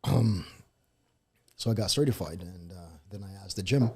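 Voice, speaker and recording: A man's voice: deep voice, moderate pace, darkish tone. A man who is a trainer, answering in a slangy, casual interview chat and swearing freely. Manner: slangy, swears, says "bro". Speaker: podcast guest, trainer.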